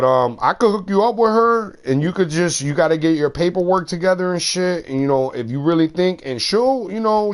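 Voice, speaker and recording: Slangy, rambling man streamer. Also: on the high side. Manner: slangy, rambling, swears a lot. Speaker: gaming streamer. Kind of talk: casual chat during a game stream.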